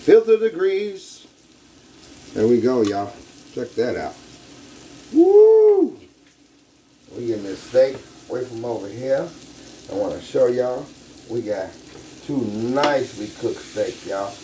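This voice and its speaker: A man's voice: mid-range voice, normal speed, mellow, a little hiss or hum. A man hosting his own home cooking video, hyped up and talking straight to his viewers in a casual way from his kitchen.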